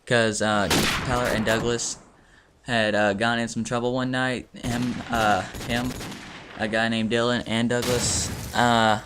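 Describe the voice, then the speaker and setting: A man's voice: mid-range voice, noisy background. A man casually telling a story over gameplay, rambling with lots of fillers and swearing. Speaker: gaming video storyteller. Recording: loud game gunfire behind. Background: video game gunfire.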